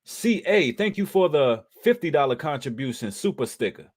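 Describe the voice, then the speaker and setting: Addressing his viewers as brothers and sisters, this male livestream host talks in an emphatic, sermon-like manner, throwing in slang and occasional swearing. His voice is fairly high, a little mellow and slightly rough, with big pitch swings at a moderate pace.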